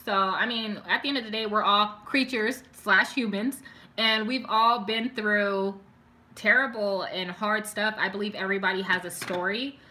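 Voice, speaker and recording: A woman's voice: medium pitch, fairly even intonation, moderate pace, bright, forceful tone. A young woman chatting live with her viewers, talking emotionally and full of "like," stopping now and then to read their comments. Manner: chatty and emotional, heavy use of "like", reads viewer comments aloud. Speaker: beauty vlogger doing a live stream. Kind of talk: casual chat with live viewers.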